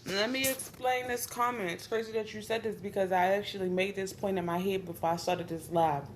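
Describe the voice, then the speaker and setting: A woman's voice: medium pitch, fairly even intonation, a little fast, slight background noise. A woman, hosting a livestream and ranting bluntly, full of profanity and restarts. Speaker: livestream host. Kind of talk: casual livestream rant.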